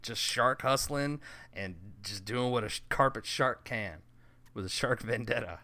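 A man's voice: mid-range voice, a little slow. A man co-hosting a casual gaming chat, joking and laughing often. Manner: animated, laughs often, jokey asides. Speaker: podcast co-host.

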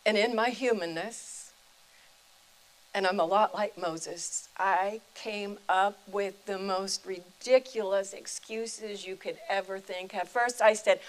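An older woman, a retired chaplain and preacher, telling a personal faith story in a deliberate, reflective way. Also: mid-range voice, fairly even intonation, poor audio.

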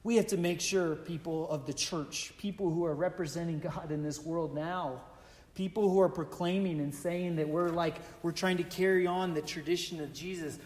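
A man with a notably high voice delivers a sermon as pastor. He speaks earnestly and emphatically, circling back to exclamations as he presses his point. His words ring out with a long reverb, as if in a large church hall. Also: fairly even intonation, moderate pace, a little mellow.

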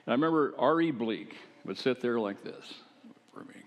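Older guy pastor giving a sermon, chatty storyteller, mid-pitch voice, lots of hall echo. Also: animated, moderate pace. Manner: conversational storytelling with asides.

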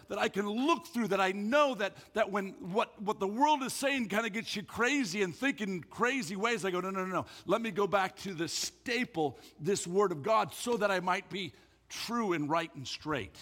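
A male pastor preaches emphatically in a high-pitched voice that sounds pushed and bright, often repeating words as he builds a point. The sermon takes place in a church hall, and the recording is echoey.

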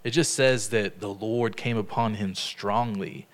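A man with a fairly low voice, speaking a little slowly, leads a casual Bible study. He chats easily, laughs often, and retells stories through lively quoted dialogue.

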